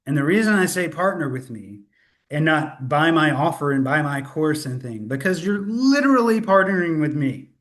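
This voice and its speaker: Man, webinar host, slightly higher voice, upbeat, loose, laughs off his own mistakes, computer mic. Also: lively intonation, normal speed, a bit bright. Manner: upbeat, self-correcting, laughs at own slip-ups. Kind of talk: live sales webinar.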